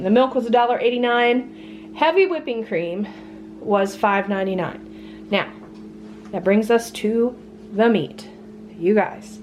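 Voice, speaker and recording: A woman with a slightly high voice chats through her grocery haul at home, worn out from being sick yet still talkative. She gives a lively rundown of prices and laughs often, with a little hiss or hum in the background.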